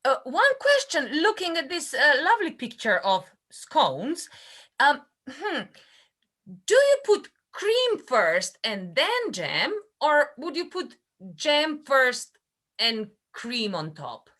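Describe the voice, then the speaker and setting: Slow, hesitant woman with a bright voice. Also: high-pitched, huge pitch swings. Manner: hesitant, many fillers. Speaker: guest. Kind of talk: casual online chat.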